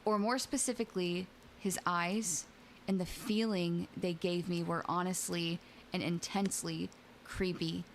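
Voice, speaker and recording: A woman's voice: lowish voice, fairly even intonation, unhurried, slight background noise. A young adult woman hosting a live stream, reading scary stories aloud and chatting playfully with viewers, often giggling. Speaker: VTuber streamer and host. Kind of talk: casual stream chat and story reading.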